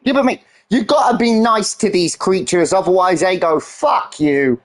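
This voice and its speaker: A man's voice: sits high, expressive, moderate pace. A man, chatting casually on a live game stream, swearing and easily irritated. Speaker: gaming streamer.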